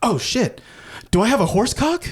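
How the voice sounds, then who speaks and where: A man's voice: high voice, sing-song, normal speed, fairly bright tone, voice pushed up. A man putting on the voice of a panicked young man, frantic and pleading.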